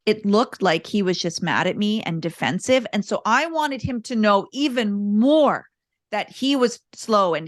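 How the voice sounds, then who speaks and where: A woman guest on a podcast, a parenting coach telling candid, animated stories in casual interview chat. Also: medium pitch. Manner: earnest, animated, candid storytelling.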